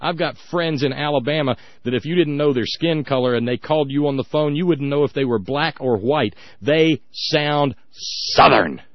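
A man's voice: fairly high pitch, moderate pace, few pauses, dry recording, lo-fi sound. A man hosting a radio talk show, giving sarcastic, emphatic commentary with frequent restarts.

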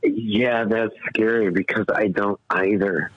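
A man calling in to a talk show, rambling and halting, swearing as he rants. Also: fairly low pitch, steady tone, dull audio. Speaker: caller. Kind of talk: casual call-in talk.

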